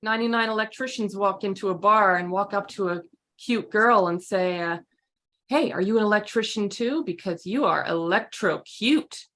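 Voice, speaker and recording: A woman's voice: mid-range voice, normal speed, a bit bright. A woman improv player telling short pun jokes, a little hesitant at times. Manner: plain, slightly hesitant delivery of pun jokes. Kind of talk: casual joke telling.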